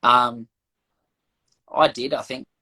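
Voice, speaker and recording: Husky Australian man telling a story. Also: medium pitch, takes it slowly, rough recording. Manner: animated anecdote-telling, acts out quoted voices. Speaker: guest. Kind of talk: casual storytelling chat.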